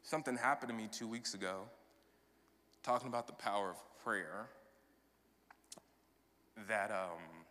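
A man in his thirties preaching a sermon as pastor, swinging from loud proclamation to soft, personal confession. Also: fairly low pitch, measured pace, long pauses. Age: 30s. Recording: long hall reverb.

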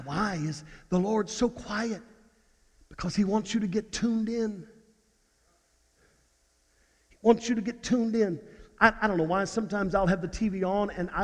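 High-voiced preacher dropping to hushed tones. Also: male voice. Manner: dramatic dynamics, dropping to hushed near-whispers; repetitive, stammering restarts. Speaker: pastor. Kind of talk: sermon. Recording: reverberant hall.

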